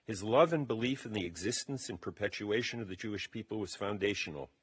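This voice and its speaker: A man delivering a prepared funeral eulogy at a memorial service, speaking in a measured way as he reads his remarks. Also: fairly low pitch, slightly rough. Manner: measured, reading from a text.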